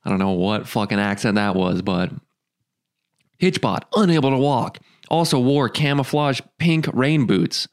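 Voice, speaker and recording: A male podcast host in casual chat, joking and swearing, laughing often and filling pauses with ums. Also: medium pitch, lively intonation.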